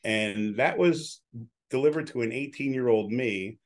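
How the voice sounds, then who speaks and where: A man in his sixties, an announcer and business owner, speaks at a measured pace in a medium-pitched voice. In a casual interview he tells stories in an outspoken way, acting out dialogue from the people he quotes.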